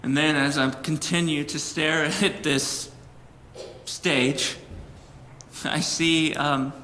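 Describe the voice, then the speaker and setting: A man preaching a sermon as a personal story, earnest and animated, with emphatic peaks. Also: fairly high pitch, slow, long reverb tail, a little hiss or hum. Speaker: pastor.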